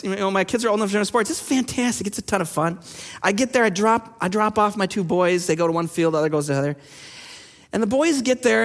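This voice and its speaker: A pastor in his thirties preaches in a church sanctuary, his voice sitting unusually high for a man. He moves from easy storytelling into urgent, pressing challenges, and long reverb from the hall trails each phrase. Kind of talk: sermon.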